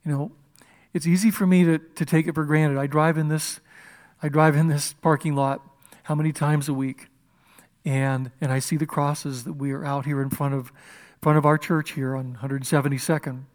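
Impassioned male preacher, rather high voice. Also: little pitch movement, normal speed. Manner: impassioned, swings from loud emphasis to hushed whispers. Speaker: pastor. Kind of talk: sermon. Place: church.

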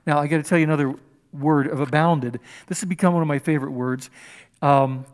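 Older man, pastor, sermon, high-pitched, animated, acts out voices. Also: fairly quick, clean tone. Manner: animated, acts out dialogue with rising and dropping voice.

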